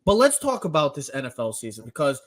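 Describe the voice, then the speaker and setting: A man hosting a sports podcast, teasing his co-hosts and announcing the rundown with energetic hype. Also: on the high side, fast talker, no echo. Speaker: podcast host. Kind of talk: casual chat and show rundown.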